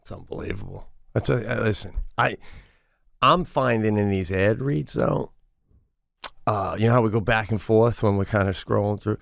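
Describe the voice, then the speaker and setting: A man's voice: fairly low pitch, moderate pace, vocal fry, dry recording, clean studio sound. A man co-hosting a comedy podcast, telling stories animatedly and acting out voices. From Long Island, New York. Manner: animated storytelling, acts out voices in quotes. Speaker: podcast co-host. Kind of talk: casual comedic chat.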